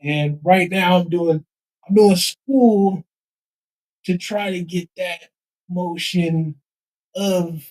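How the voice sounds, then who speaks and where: A man's voice: sits high, extremely slow, long pauses, darkish tone, low-quality recording. A man who sells a street paper, chatting in an interview with lots of repeated words. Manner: rambling, repeats words, raps and beatboxes. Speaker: street paper vendor and rapper. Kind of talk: casual interview chat. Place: live event at a nonprofit office.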